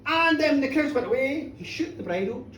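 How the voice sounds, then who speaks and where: Storyteller, animated and high, roomy live bar sound from a distance, crowd bidding along. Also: moderate pace, slight background noise. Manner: animated, playful, loud sound effects and audience bidding.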